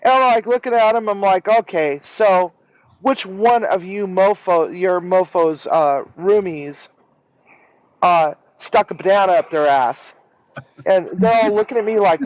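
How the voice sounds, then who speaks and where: A man in a casual live-stream chat, telling a rambling, animated story and swearing freely. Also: high voice, normal speed, no echo. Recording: dull lo-fi sound.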